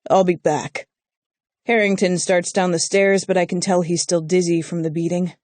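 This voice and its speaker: An audiobook narrator giving an intimate, measured first-person romance reading on a close studio mic. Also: mid-range voice, level tone, dry recording.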